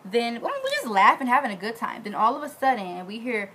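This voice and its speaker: A woman vlogging in a casual, animated way, acting out the quoted voices in her story. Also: fast, slight background noise, rough recording. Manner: animated, acts out quotes with big pitch jumps.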